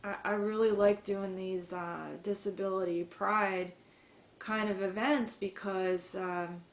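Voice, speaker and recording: Slow-speaking woman who stutters. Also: medium pitch, level tone. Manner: frequent stuttering repetitions and blocks; earnest and emotional. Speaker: podcast guest, musician. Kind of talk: casual interview conversation. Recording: echoey room with faint background noise.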